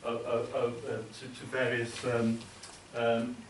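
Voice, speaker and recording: A man presenting a seminar to an academic audience, talking informally and haltingly, often repeating words mid-sentence. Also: medium pitch, completely flat delivery. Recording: echoey room, distant mic, faint hiss.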